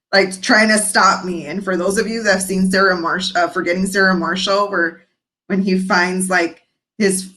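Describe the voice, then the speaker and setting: A woman's voice: mid-range voice, steady tone, moderate pace, sharp tone, poor audio. A woman guest in her thirties on a podcast, telling her story frankly and expressively, acting out the voices of people she quotes. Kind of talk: candid storytelling interview.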